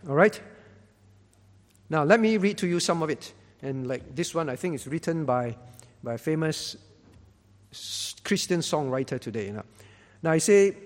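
This is a man preaching a sermon in a high-pitched voice. He leans hard on stressed words and repeats phrases as he builds each point. His voice carries a long, echoing reverb, as if filling a large hall. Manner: emphatic, rising to loud stresses. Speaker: pastor.

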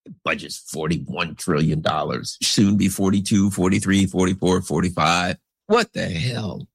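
A man's voice: sits low, measured pace, gravelly, breathy edge, no echo, pitched below the performer's own voice, full character voice. A man voicing an impression of a blustering, careless older politician. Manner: shrugging, careless.

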